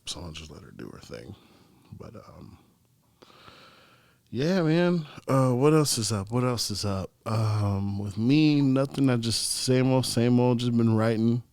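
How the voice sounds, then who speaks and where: A man's voice: lowish voice, darkish tone, no echo. A young man, hosting his own podcast and rambling through stories in a loose, profane, offhand way. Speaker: podcast host. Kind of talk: casual solo podcast chat.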